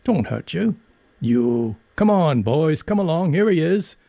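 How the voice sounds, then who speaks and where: Man putting on a loud, raised, roaring teenage bully, lively and forceful, rasp in the voice. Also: on the high side, measured pace, dry recording, voice pushed up, full character voice. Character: brutal swaggering older schoolboy bully.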